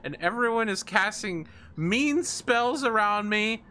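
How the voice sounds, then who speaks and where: Man voicing a whiny teary succubus girl, high and pleading, bright tone, light noise behind, tabletop game. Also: animated, a little slow. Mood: whiny, tearful. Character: weepy lovesick female succubus librarian.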